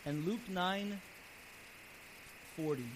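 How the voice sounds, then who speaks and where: A man pastor preaching a sermon earnestly, his voice swelling louder and then dropping soft. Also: high voice, very slow. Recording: steady background hiss.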